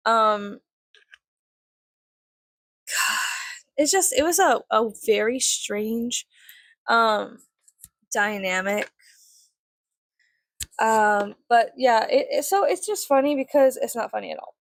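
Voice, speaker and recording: Woman vlogger, storytime while doing makeup; slightly high voice with vocal fry, swears a lot, rambles. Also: animated, takes it slowly, pauses often, dry recording. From Mexican family. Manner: chatty, swears often, filler-heavy, rambling.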